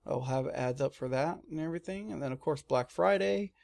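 A man in casual chat, telling lively stories and acting out his own screams. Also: fairly high pitch, fairly quick, creaky. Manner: animated storyteller, mimics his own screams. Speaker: comic shop staff guest. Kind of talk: casual radio-style chat.

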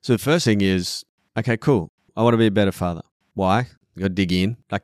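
A man's voice: fairly low pitch, animated, fast talker, dry recording, studio quality. A middle-aged man on a podcast, speaking bluntly and emphatically, swearing often and acting out quoted voices. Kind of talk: podcast conversation.

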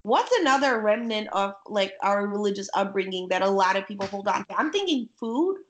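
A woman's voice: mid-range voice, lively intonation, fairly quick, slight background noise. A woman from Bangladesh hosting a podcast, teasing her guest and telling her own story candidly. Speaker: podcast host. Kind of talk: casual chat.

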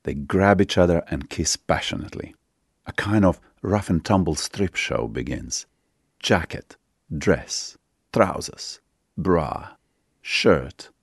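A man narrating a sultry short story in a slow, intimate storytelling manner with dramatic pauses. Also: rumbling low, a little mellow, slightly rough, dry recording, studio quality. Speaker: author and narrator.

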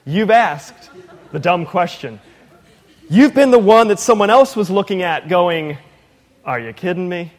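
A man's voice: sits high, lively intonation, a little slow, long reverb tail. A man in his thirties preaching a sermon in a conversational, playful way, sometimes mimicking others. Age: 30s. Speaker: preacher and teacher.

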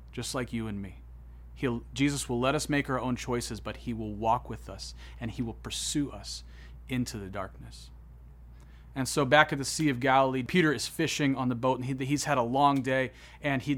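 A man preaching a sermon, retelling a story with swings between hushed, solemn passages and excited, rising ones. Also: mid-range voice. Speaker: pastor.

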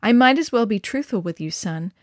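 A woman voicing a hospital doctor who speaks slowly, soberly and frankly. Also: fairly high pitch, lively intonation, dry recording, studio quality, close to an everyday voice.

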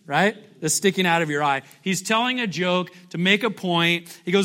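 A man's voice: sits high, lively intonation, normal speed, few pauses, bright, forceful tone. A pastor preaching a conversational sermon, often asking his congregation questions and acting out scripture in a playful, joking way. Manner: jokey, playfully acts out scripture.

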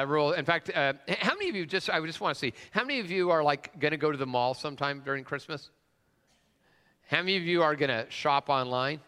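A man's voice: on the high side, bright, forceful tone, smooth. A man preaching a conversational sermon and telling a personal story, with frequent "uh" fillers and questions put to the congregation. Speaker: pastor. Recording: long reverb of a large hall.

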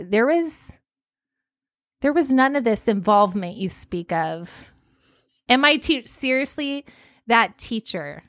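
A woman in her forties co-hosting a podcast, telling a story in an animated way and laughing often. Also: high-pitched, dry recording, studio quality. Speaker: podcast co-host. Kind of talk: casual chat.

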